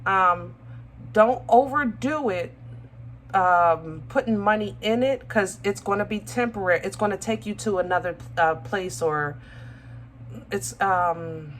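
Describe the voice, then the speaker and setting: A woman's voice: mid-range voice, unhurried, fairly bright tone, slight background noise. A woman giving a casual tarot reading to her viewers, chatty and affectionate, often stopping to search for her words. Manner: chatty, affectionate, calls viewers baby and y'all; searches for words, many ums and restarts. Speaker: tarot reader.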